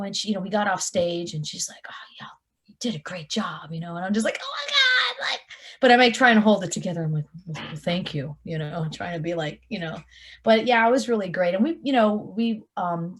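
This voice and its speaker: Lively storytelling woman guitarist, lowish voice. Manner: animated storyteller, acts out quotes. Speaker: touring guitarist, interview guest. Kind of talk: casual interview chat.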